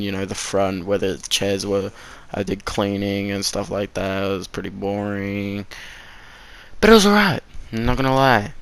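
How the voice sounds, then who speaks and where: A teenage boy, speaking in a clear, resonant, fairly low male voice, tells a rambling, sweary story-time vlog about his first shift at work. He laughs at his own slip-ups as he goes.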